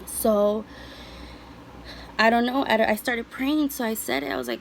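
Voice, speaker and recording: A woman's voice: fairly high pitch, a little slow, creaky, long pauses, a little hiss or hum, rough recording. A young woman vlogger answering viewer questions, telling a personal story in an earnest, emotional way with many ums and you-knows.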